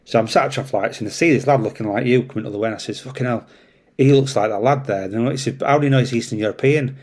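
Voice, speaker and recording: A man with a Yorkshire accent, a traffic police officer telling a story in casual chat, animated and swearing freely. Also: medium pitch, rapid-fire. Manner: animated, swears freely, acts out voices in anecdotes.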